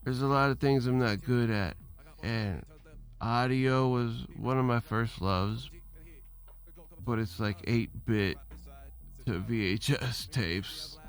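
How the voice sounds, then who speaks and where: A man's voice: mid-range voice, takes it slowly, clean tone. A man hosting a solo podcast, rambling loosely with restarts, fillers and casual profanity. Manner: meandering, trailing off, frequent restarts and fillers; loose, profane and self-deprecating. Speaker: podcast host.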